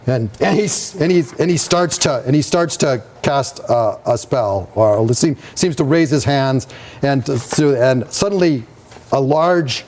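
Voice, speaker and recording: A man narrating as game master in a live tabletop game, halting and restarting as he describes the scene. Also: mid-range voice, animated, a little mellow. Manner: slow, halting, with many restarts.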